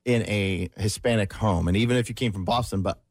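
A man's voice: lowish voice, brisk, dry recording, studio quality. A man co-hosting a radio talk show, reasoning things out in a casual, thoughtful way. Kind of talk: casual chat.

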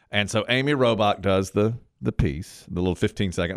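A man's voice: fairly low pitch, brisk, dry recording, clean studio sound. A middle-aged man hosting a talk show, chatting casually and telling a story, acting out the quotes. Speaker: radio show host.

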